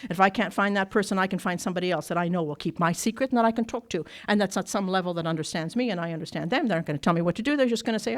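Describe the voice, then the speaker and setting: In a workshop meeting room, a woman from Ireland tells a recovery meeting her story, candid and blunt, laughing a lot. Her voice sits mid-range and she races along with few pauses.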